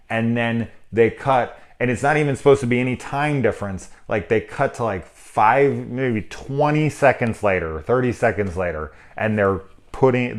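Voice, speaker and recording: A man in his thirties giving a casual, rambling movie review, full of swearing and sarcastic asides. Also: deep voice. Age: 30s.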